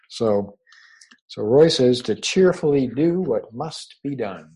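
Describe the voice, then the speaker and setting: A man giving a spiritual teaching over a video call, unhurried and gently reassuring, often repeating his words. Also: medium pitch, animated, husky, rough recording. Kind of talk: meditative spiritual talk. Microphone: own microphone over a video call.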